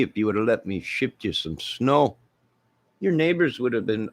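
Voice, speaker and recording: A middle-aged man hosts a livestream, chatting casually with his live viewers, rambling and cracking jokes. His medium-pitched voice is very animated at a normal speed, and the recording is dry.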